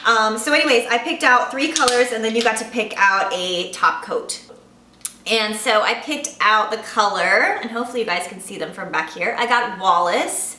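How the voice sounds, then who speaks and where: Chatty woman doing a haul vid, bright voice, kinda far from the mic, roomy echo. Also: fairly high pitch, moderate pace, slight background noise. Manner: chatty and upbeat, gushing over purchases. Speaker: beauty vlogger. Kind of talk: casual haul chat to camera.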